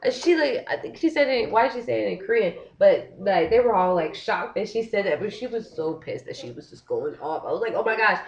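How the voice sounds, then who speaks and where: A young woman speaks straight to her camera in a casual vlog rant, animated and frustrated, with "like" dropped in constantly. Her voice sits at a middling pitch. The recording sounds a little dull and lo-fi. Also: brisk, hardly any pauses, a little hiss or hum. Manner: frustrated, animated, heavy use of "like". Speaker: vlogger. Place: living in Korea.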